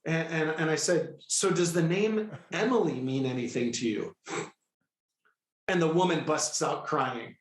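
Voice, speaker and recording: Middle-aged man, higher-pitched voice, animated storyteller, echoey room. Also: measured pace. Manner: animated, excitable, jumps into quoted dialogue. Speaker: guest, healer. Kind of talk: storytelling in a conversational interview.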